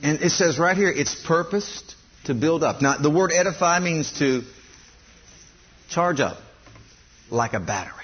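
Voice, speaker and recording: A male preacher with a high, husky voice delivers a sermon in emphatic, repeating phrases. The recording is dull and lo-fi. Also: animated, a little slow, long pauses. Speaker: pastor.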